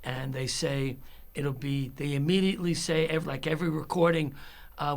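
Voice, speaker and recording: A man's voice: on the high side, steady tone, moderate pace, creaky. A man telling an angry story about a customer service call, acting out both sides and getting more aggravated. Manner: building irritation, acts out both sides of a phone call.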